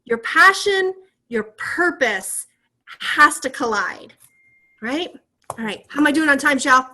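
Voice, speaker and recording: A woman with a high, bright voice leads a motivational training session over a video call. She talks with lively energy, encourages her listeners and keeps firing questions at them. She sounds upbeat and sure of herself. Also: a little slow. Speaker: team leader coaching a sales team.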